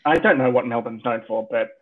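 A man's voice: medium pitch, brisk. A man with an Australian accent joining a podcast as a guest, friendly and a bit giddy, laughing easily. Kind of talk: casual podcast chat. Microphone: remote call audio. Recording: dull lo-fi remote call audio.

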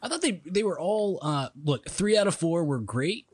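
A man's voice: high-pitched, lively intonation, normal speed, breathy edge, dry recording. Hesitant man giving film opinions. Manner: hesitant, frequent restarts and fillers. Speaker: podcast co-host. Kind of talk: casual film discussion.

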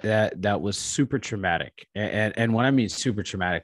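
A man with a very low voice talks candidly on a podcast, stopping and restarting his sentences and swearing freely. The sound is close and dry, with no room echo. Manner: halting, restarts often, frank and swearing. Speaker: interview guest, army veteran.

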